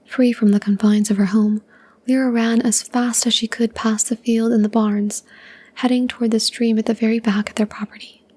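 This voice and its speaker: A woman reads a short story in a soft ASMR whisper, unhurried and even. Her breathy voice is mellow and dark, with a flat, steady line and little rise and fall. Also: fairly high pitch.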